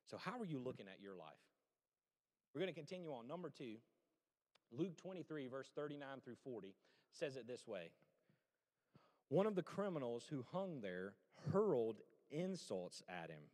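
A man preaching a sermon as pastor, animated and conversational, with joking asides to the congregation. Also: medium pitch, normal speed, long pauses, in a large hall.

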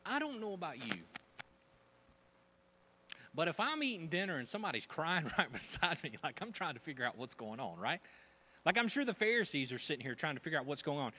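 Animated man preaching a lively sermon. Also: fairly high pitch, husky. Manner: animated, joking, acts out gossiping voices. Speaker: pastor.

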